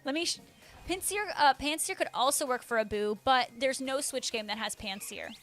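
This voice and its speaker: A young woman with a high voice talks in a bubbly, chatty way on a live stream, answering her viewers as she goes. Faint music plays behind her. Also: moderate pace, fairly bright tone. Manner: bubbly, chatty, reads chat aloud. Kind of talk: casual live-stream chat.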